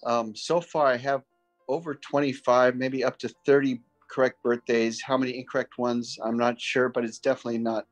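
A man sharing a personal story on a group video call, earnest and a little hesitant, with pauses and fillers. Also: medium pitch, little pitch movement, soft background music. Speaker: participant sharing a topic.

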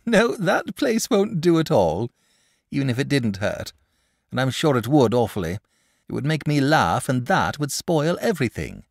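A man voicing a gentle, nervous and fussy male dragon in a storybook reading, polite and anxious. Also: mid-range voice, sing-song, moderate pace, gravelly, no echo, studio quality, voice pushed up. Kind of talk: audiobook character voice.

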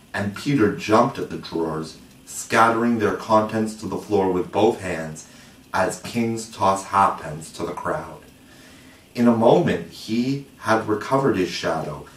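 A man narrating a storybook in a measured, expressive way. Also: fairly low pitch. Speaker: audiobook reader. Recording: roomy, distant mic.

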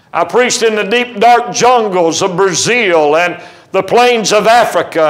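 A man's voice: high voice, a bit bright, poor audio. A man preaching a sermon in a church, emphatic and full of stories and quoted dialogue. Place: church sanctuary.

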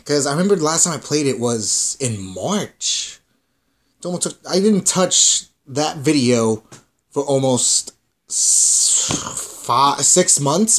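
Young male gaming host, casual rambling chat, fillers, cursing, mildly high pitch. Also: animated, slow. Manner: rambling, many fillers, swears freely.

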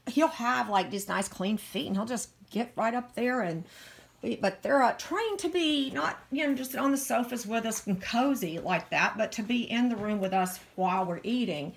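A woman's voice: on the high side, normal speed, gravelly. A middle-aged woman, a dog breeder gushing over a puppy in a casual home video filmed on a phone. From Virginia, USA. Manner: gushing, doting baby talk to a dog.

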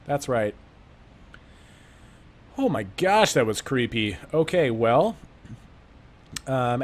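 A man doing gameplay commentary, rambling through an improvised backstory and breaking into panicky outbursts and rapid repeated commands. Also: mid-range voice. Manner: playful self-talk, rambling asides. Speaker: let's play gamer.

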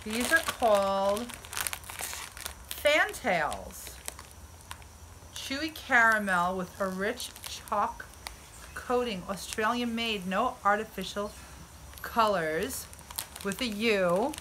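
A woman's voice: medium pitch, expressive, slow pace, pauses often, bright, forceful tone, slight background noise, poor audio. A woman from the United States chatting enthusiastically outdoors in a casual unboxing vlog. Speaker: vlogger.

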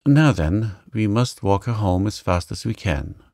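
A man voicing a brisk teenage boy giving urgent commands, in a storybook reading. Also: lowish voice, animated, darkish tone, no room sound, clean studio sound.

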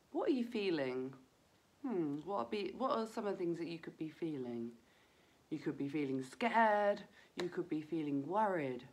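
A woman with a somewhat low voice leads a breathing lesson for children, speaking gently and encouragingly directly to the kids.

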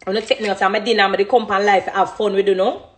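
A woman's voice: mid-range voice, rapid-fire, a little hiss or hum. A Jamaican woman in her thirties chatting casually on a phone live stream, reading out comments from viewers. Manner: chatty, reads out comments, animated.

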